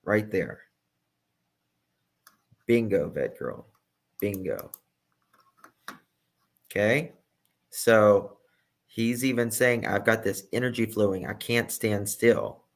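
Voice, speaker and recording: A man's voice: on the low side, slow, long pauses. A man giving emphatic true crime reaction commentary and repeating his key points.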